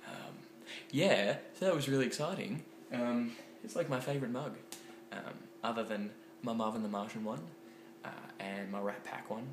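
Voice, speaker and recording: A young man talks through his day in a loose, excitable vlog, tripping over ums and likes as he goes. His voice sits at a middling pitch. The echoey home kitchen carries a faint, steady background noise. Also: moderate pace. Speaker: vlogger. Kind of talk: casual rambling vlog.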